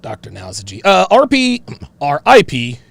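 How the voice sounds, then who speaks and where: A man hosting a livestream, reading chat and joking in an animated, laugh-filled style. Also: a little high, moderate pace, creaky, dry recording. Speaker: host. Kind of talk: casual livestream commentary.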